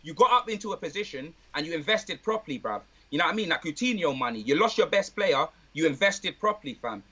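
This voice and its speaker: A man chatting casually about football, full of street slang and lively banter. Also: on the high side, fast, husky, dull audio. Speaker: guest, football fan. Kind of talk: casual chat.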